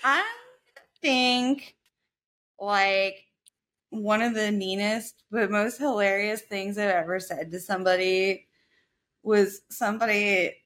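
A woman's voice: medium pitch, fairly even intonation, takes it slowly, long pauses, fairly bright tone. A woman in her thirties co-hosting a podcast, chatting casually with sassy, laughing retorts. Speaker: podcast co-host. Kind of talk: casual chat.

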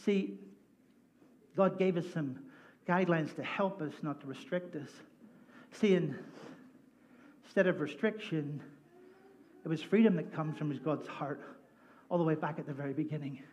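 A male pastor with a fairly high voice preaches a lively sermon. He tells stories with humor and slips into voices for the people in them. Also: moderate pace, pauses often. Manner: animated, jokey, acts out voices in his stories. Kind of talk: sermon with storytelling. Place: church sanctuary.

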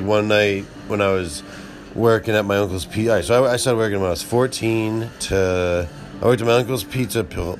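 A man in his thirties rambles through a solo monologue with a low voice. He swears freely and keeps breaking off mid-sentence to restart. Faint music plays behind him. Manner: rambling, profane, self-interrupting.

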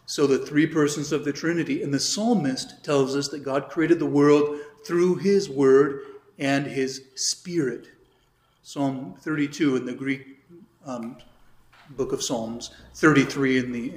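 Male priest-teacher, slightly high voice, conversational catechism lecture with asides, roomy echo. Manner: explanatory, chatty asides, reads scripture aloud. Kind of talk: informal catechism class lecture. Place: church hall or classroom. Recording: echoey room.

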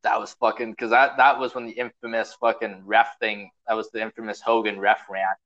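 A man's voice: on the low side, level tone, a little fast, fairly bright tone, muffled recording. A young man hosting a podcast, rambling in casual chat, swearing often and packing his talk with fillers. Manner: rambling, profane, full of fillers. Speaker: podcast host.

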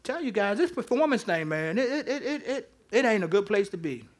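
A pastor with a high-pitched voice preaching in church. He talks loosely and conversationally, teasing the congregation between points. His delivery stays informal even as he makes his case. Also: brisk. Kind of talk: interactive sermon.

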